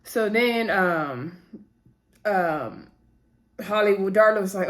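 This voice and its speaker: A woman's voice: mid-range voice, normal speed. A woman chatting casually to viewers, retelling scenes and talking straight to her audience. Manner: chatty, addresses viewers as y'all, retells dialogue. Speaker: TV episode recap host. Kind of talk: casual recap talk.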